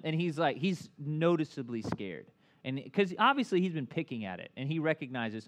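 A man's voice: medium pitch, sing-song, quick pace, a bit bright. A pastor in his thirties preaching a casual sermon. He talks with lots of fillers, keeps asking the listeners questions, and jokes at his own expense. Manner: conversational, filler-heavy, asks the crowd often; self-deprecating humor.

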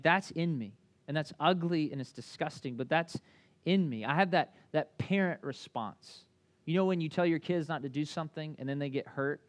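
Male pastor, thirties, slightly higher voice, chatty sermon delivery, animated storytelling. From American South. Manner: conversational, animated storytelling with many "like" fillers.

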